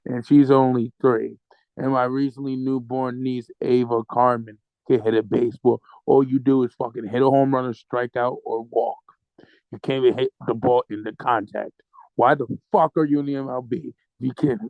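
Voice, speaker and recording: A man co-hosting a casual sports podcast, ranting in mock anger with lots of swearing and slow, drawn-out words. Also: mid-range voice, steady tone, creaky, dry recording, narrow, tinny audio. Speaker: podcast co-host.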